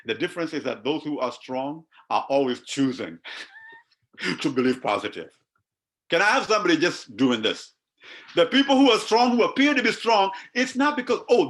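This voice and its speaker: Animated male preacher, higher voice. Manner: animated preaching, repeats words, calls out to the congregation. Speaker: pastor. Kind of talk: sermon.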